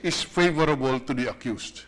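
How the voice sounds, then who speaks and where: A man, a senate minority leader, questioning a bill deliberately in a legislative chamber and restarting his phrases. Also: medium pitch, fairly bright tone, poor audio.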